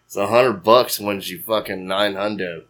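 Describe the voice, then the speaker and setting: A man's voice: on the low side, fairly even intonation, normal speed, a bit bright, slight background noise. A man hosting a podcast, chatting casually and profanely, full of dude and bro. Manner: profane, laid-back, says dude a lot. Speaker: podcast host.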